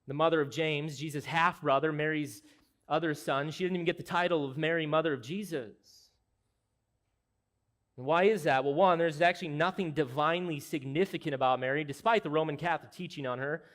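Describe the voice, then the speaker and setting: A man's voice: fairly high pitch, brisk, a bit bright. A man preaching an expository sermon as pastor, speaking in an earnest, emphatic, explanatory way.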